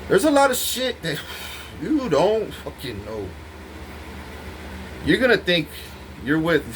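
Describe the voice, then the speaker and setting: A man's voice: on the high side, a bit bright, slight background noise, low-quality recording. A man talking to the camera in an intense, rambling monologue full of swearing, speaking straight to his partner. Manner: intense, profane, rambling, addressing a partner directly.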